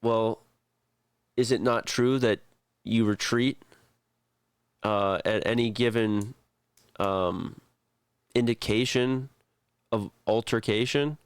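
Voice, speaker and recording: A man voicing a calm, regal king who speaks in a measured, composed way. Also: medium pitch, clean tone, no echo, close to an everyday voice.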